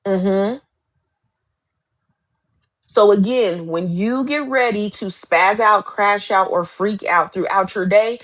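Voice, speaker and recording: A woman life coach giving a live motivational talk, speaking emphatically and directly with lots of repetition. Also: medium pitch.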